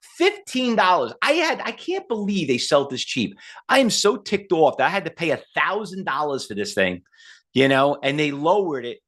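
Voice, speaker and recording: A man in his fifties teaching trading in a live online seminar, blunt and full of rhetorical questions, pitching to his audience. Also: sing-song, moderate pace, fairly bright tone. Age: 50s. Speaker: trading instructor.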